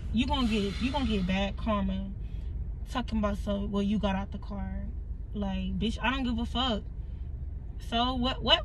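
A woman vlogger, venting angrily, swearing and repeating herself. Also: a little high. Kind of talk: casual heated vlog talk. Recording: noisy car recording.

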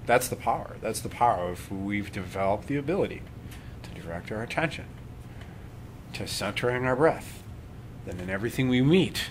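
A man leading a live workshop on breathing and meditation, talking calmly and conversationally and often checking in with his listeners. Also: on the low side, a little hiss or hum. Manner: calm, conversational, checks in with "right?".

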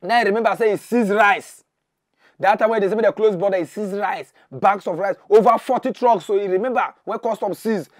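Pidgin-talking guy doing mock news, high pitched, goes from yelling to mumbling, dry sound. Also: brisk, no echo. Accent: Nigerian Pidgin. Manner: excitable, mocking, swings between shouting and muttering. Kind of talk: comic pidgin commentary.

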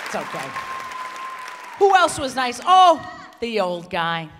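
A woman stand-up comedian doing a crude, brash insult comedy set on stage, teasing audience members and often shouting. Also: fairly high pitch, very animated, slow pace, long pauses, a faint crowd, slight background noise. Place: stage in a large theater before a live audience. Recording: live hall recording with loud audience.

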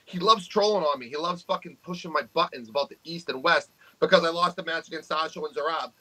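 Brash profane man, high bright voice. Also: fast talker, poor audio. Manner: profane, brash trash talk. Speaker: podcast co-host, arm wrestler. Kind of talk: casual podcast chat.

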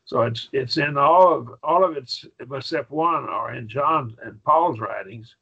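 A man lecturing a Bible Greek class, folksy and patient, checking in with his students as he goes. His voice is gravelly and a little husky. The recording sounds dull and lo-fi. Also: mid-range voice, a bit bright. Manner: folksy, repeats "okay?", slows down to stress points.

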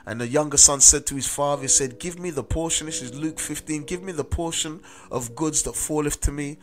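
A man's voice: a little high, brisk. South London preacher man over music. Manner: earnest, repeats "amen" and "listen to me". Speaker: street preacher. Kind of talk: sermon with personal testimony. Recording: music playing under the voice.

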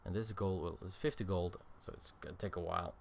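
Yawning and worn out, a game streamer chats through a let's-play, thinking aloud and rambling with lots of filler sounds. His voice sits low with vocal fry, holding a steady tone while he talks fast. A little hiss or hum runs underneath.

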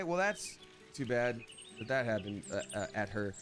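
A man's voice: medium pitch, expressive, moderate pace, fairly bright tone. A man streaming a video game with casual, playful commentary and silly asides. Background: game music.

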